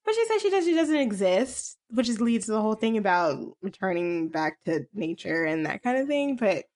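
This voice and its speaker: Woman in rambling, animated chat. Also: mid-range voice. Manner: rambling, animated, with filler words and quick asides. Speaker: co-host retelling a film. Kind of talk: casual chat.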